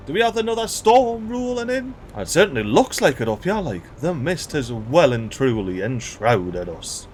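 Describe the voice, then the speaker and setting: A man giving casual gameplay commentary as a let's-play host, excitable and exclamatory, full of slang and chuckles. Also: on the high side.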